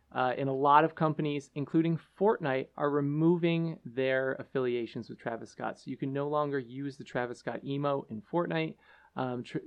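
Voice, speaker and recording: Gravelly guy on a chill podcast, earnest, lots of ums and uhs. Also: medium pitch, highs cut off. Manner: earnest, halting with many fillers. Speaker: podcast co-host. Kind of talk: casual podcast discussion.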